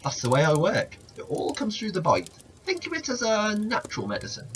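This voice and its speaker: A man voicing a calm talking rattlesnake who grants wishes, patient and dryly joking as he explains. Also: high voice, a little fast, slight background noise, pitched above the performer's own voice, heavily acted. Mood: matter-of-fact.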